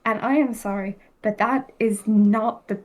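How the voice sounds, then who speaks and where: A woman's voice: medium pitch, fairly even intonation, unhurried, poor audio. An English-born woman whose accent carries a touch of Irish talks in a loose, rambling way. She fills her sentences with "like" and laughs readily as a podcast guest. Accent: English with an Irish tinge. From England. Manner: chatty and rambling, many "like" fillers, laughs easily. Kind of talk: casual chat.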